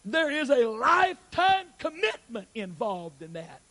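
A man's voice: very high voice, sing-song, a little slow, pushed and bright. A man preaching a sermon. He repeats his points and acts out little scenes to make them.

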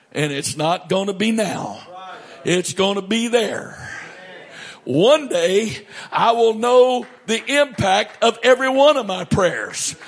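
A middle-aged male pastor preaching a sermon, animated, swinging from loud to hushed. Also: high-pitched, creaky.

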